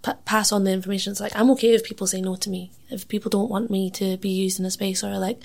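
A woman's voice: mid-range voice, flat delivery, fast, creaky, darkish tone. A young woman musician being interviewed, chatting casually, laughing often and saying "like" a lot. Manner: acts out other people's lines in quoted voices. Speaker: musician and MC, podcast guest.

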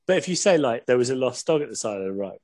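A man's voice: mid-range voice, sing-song, fast talker, darkish tone. A man chatting as a podcast guest, rambling through anecdotes with lots of swearing and laughter. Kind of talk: casual chat.

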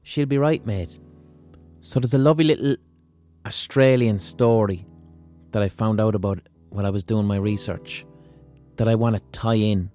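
A man's voice: lowish voice, moderate pace, warm tone, soft background music. An Irish man hosting a podcast, explaining things in a blunt, casual, sweary monologue. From Limerick, Ireland. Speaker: podcast host.

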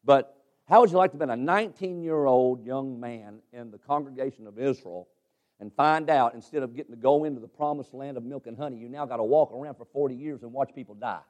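A man preaching a sermon, fervent and exhorting, who swings from loud urging to quiet asides and keeps saying amen. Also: medium pitch, quick pace.

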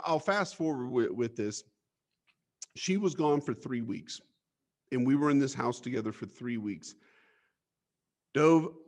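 A man as an interview guest, telling his life story bluntly, with swearing and stammered restarts. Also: mid-range voice.

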